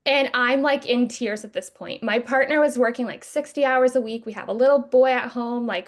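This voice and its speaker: Young female podcast host, fairly high voice, candid and animated storyteller, swears casually. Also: moderate pace, few pauses. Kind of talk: emotional personal storytelling.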